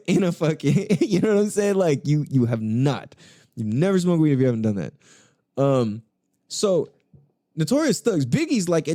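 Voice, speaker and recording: Excitable, profane young podcast host. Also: male voice, fairly high pitch, no echo, studio quality. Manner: loose, profane, enthusiastic storytelling with frequent laughs. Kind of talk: casual solo podcast talk.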